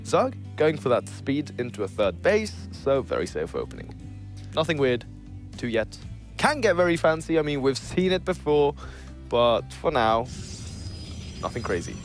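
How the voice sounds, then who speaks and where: A man commentating a strategy game as a caster, joking dryly with his co-caster between steady, analytical calls. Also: mid-range voice, moderate pace, faint music behind. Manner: dry joking banter, then steady analysis. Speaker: esports caster.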